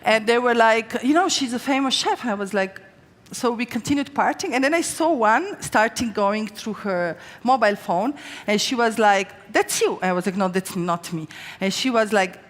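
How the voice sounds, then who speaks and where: A middle-aged woman from Slovenia talks fast and casually as she cooks on stage. Her stories bounce with quoted voices. The sound carries a long hall reverb. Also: medium pitch. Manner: chatty, fast storytelling with lively quoted voices. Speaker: chef giving a stage cooking demonstration. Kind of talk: live cooking demonstration and talk. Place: large event stage with audience.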